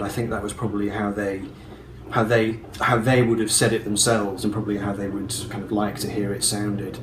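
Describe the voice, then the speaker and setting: A man giving a casual, methodical pronunciation lesson to camera, repeating example words with hard emphasis. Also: on the low side. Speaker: video creator explaining pronunciation. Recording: echoey room with faint background hum.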